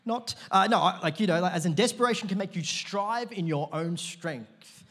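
A pastor in his thirties preaching a sermon to a congregation, chatty and animated with lots of "like" fillers and sudden loud bursts. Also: high voice, normal speed, slightly rough. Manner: conversational, many "like, as in" fillers, bursts of shouting. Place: church auditorium before a live congregation.

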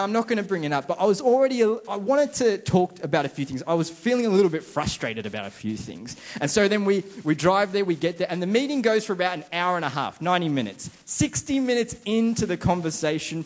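Chatty man preaching. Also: on the high side. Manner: chatty, self-deprecating, acts out inner voices. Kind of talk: casual sermon.

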